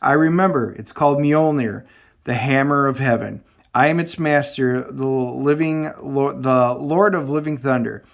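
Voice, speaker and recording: A man's voice: medium pitch, moderate pace, vocal fry, close to an everyday voice. A man reading the lines of a proud male thunder god from a comic, in grand, formal, old-fashioned speech. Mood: proclaiming.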